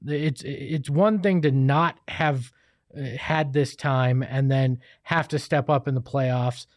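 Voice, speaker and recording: Chatty sports co-host, dry sound. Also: male voice, mid-range voice, steady tone, slow pace, no echo. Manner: self-deprecating, rambling with restarts. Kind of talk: casual sports chat.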